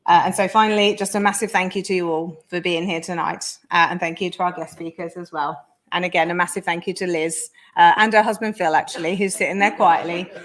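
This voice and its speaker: A woman's voice: lowish voice, steady tone, a little fast. A woman organizer giving closing remarks to trainees in a study centre room, running through a reassuring checklist. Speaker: event organizer.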